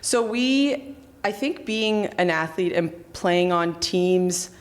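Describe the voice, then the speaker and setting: A woman in her thirties with a slightly low voice talks through her career in an interview. She is chatty and casual, restarting sentences and dropping in fillers as she goes. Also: animated, slow. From Canada. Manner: chatty, many fillers and restarts, acts out quoted lines. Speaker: chiropractor and clinic founder.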